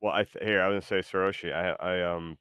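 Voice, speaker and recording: A man hosting a livestream, excitable and rambling, with sudden loud bursts. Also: sits low, quick pace, clean tone. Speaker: streamer host. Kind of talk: casual livestream chat.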